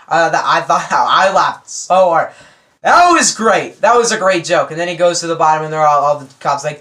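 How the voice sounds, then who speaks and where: Rambling, excitable movie reviewer guy. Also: fairly high pitch, fairly quick. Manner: rambling and excitable, many fillers and acted-out quotes. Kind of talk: casual spoiler review.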